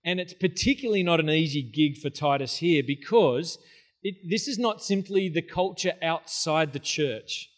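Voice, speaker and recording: A man preaching in a church with a slightly higher voice than most men. He keeps it casual and conversational, dropping in jokes and asides as he teaches. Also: animated, normal speed. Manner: casual, joking, conversational preaching with filler words. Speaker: pastor. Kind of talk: sermon. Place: church hall.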